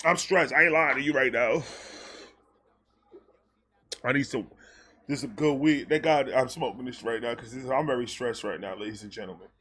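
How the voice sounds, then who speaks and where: A man from New York with a New York accent telling a personal story in an animated, profane way, jumping between loud bursts and low muttered asides. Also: moderate pace, pauses often, breathy edge. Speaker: storyteller host.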